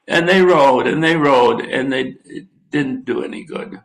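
Slow-drawling older man preaching. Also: medium pitch, gravelly, low-quality recording. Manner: folksy, drawling Bible teaching with asides. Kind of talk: sermon.

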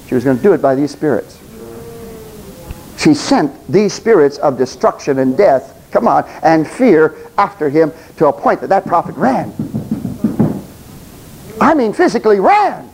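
High-voiced man preaching an emphatic sermon. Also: sing-song, moderate pace, darkish tone, slight background noise, low-quality recording. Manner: emphatic, addresses congregation directly, stumbles reading aloud.

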